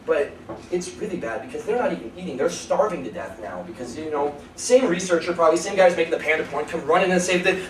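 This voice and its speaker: A man's voice: on the high side, expressive, quick pace. A young man in his early twenties doing a rambling stand-up set at a college show, laughing at his own jokes. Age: early 20s. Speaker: stand-up comedian. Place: college comedy show before a live audience. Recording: echoey room, far from mic, noisy.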